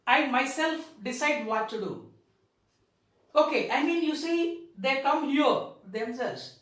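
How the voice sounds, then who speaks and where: A woman teaching a grammar lesson, repeating words slowly and stressing key terms. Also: fairly high pitch. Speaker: English teacher. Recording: echoey room, far from the mic.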